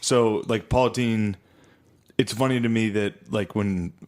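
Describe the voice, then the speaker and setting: A young man with a fairly low voice talks casually on a podcast. His delivery is crude and laid-back, and he drops into mocking put-on quotes as he tells stories. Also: fairly even intonation, unhurried, a little mellow. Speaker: podcast co-host, comedian. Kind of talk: casual chat.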